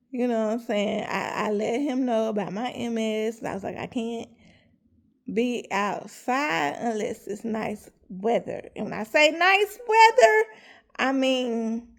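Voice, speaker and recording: A woman's voice: on the high side, slow pace, vocal fry. A woman telling a story to her viewers in a casual, chatty way, talking straight to them and laughing as she goes. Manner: animated, laughs while telling. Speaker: vlogger.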